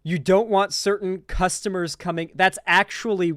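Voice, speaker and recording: A man's voice: high voice, steady tone, normal speed, a bit bright, dry recording, clean studio sound. A man giving casual reaction commentary on a clip, talking in a loose, profane and incredulous way. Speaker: political commentary streamer.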